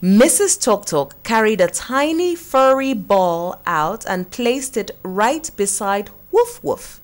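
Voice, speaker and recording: A woman reading a farm-animal story aloud to children, speaking warmly and slowly. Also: mid-range voice, very animated. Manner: warm and slow, speaking to children.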